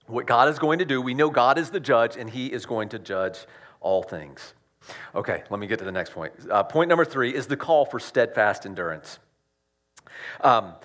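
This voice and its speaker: A man preaching a sermon as pastor, swinging between loud emphatic rises and soft hushed drops, with conversational asides and repeated words. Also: fairly high pitch.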